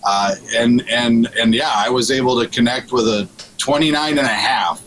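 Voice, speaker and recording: A man's voice: medium pitch, normal speed, fairly bright tone, slight background noise, poor audio. A man guesting on a radio show, telling a fishing story in casual chat, with frequent restarts and laughs. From Minnesota.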